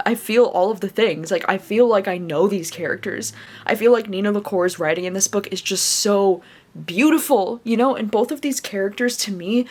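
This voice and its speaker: A woman in a casual reading vlog who talks in a chatty, gushing way. She leans on fillers and restarts as she thinks aloud. Her pitch sits in a middle range for a woman. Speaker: book vlogger.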